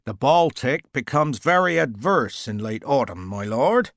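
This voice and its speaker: A man voicing a cheerful, warm-hearted naval captain with a rich Devonshire accent and an affable, chatty manner. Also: mid-range voice, expressive, measured pace, no echo, studio quality.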